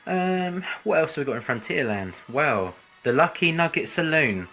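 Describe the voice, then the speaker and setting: Guy rambling on a livestream, bright voice, keeps restarting himself. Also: fairly high pitch, lively intonation, normal speed, faint music behind. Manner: chatty and rambling, with frequent ums and self-corrections. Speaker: vlogger hosting a live stream. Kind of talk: casual live-stream ramble.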